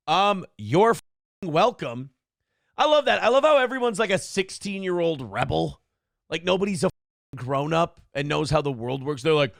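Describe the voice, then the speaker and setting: A gravelly, fry-edged man in a dry, close-sounding space, ranting at his live chat. He is combative, boastful and profane, talking in a slightly raised register. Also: fairly high pitch, lively intonation, normal speed, no room sound. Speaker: streamer and show host.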